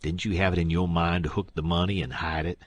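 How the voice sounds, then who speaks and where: A sly, drawling old con man, as a male reader puts him on. The voice sits very low and husky, and it turns sarcastic and pleading by turns. It is recorded close and dry. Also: level tone, quick pace, no room sound.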